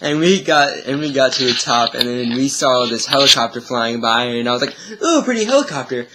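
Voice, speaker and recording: A man's voice: medium pitch, creaky, pushed and bright. A man vlogging, telling a long story in a rambling, easily sidetracked way with chuckles. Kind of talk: casual storytelling.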